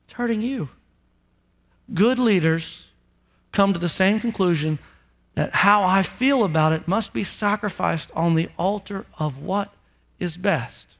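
A man's voice: high-pitched, gravelly, fairly bright tone. A man pastor preaching a sermon emphatically, asking the congregation rhetorical questions.

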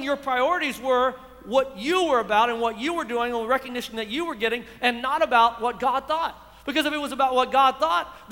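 A man's voice: extremely high pitch, bright, forceful tone, big-room sound. A man preaching a sermon, asking his congregation rhetorical questions. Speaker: pastor. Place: church.

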